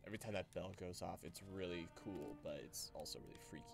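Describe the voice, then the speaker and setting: A man streaming a video game, chatting casually and excitably with plenty of swearing and jokes. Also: low voice, fast, creaky, music in the background. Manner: excitable, profane, jokey. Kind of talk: casual gaming livestream commentary.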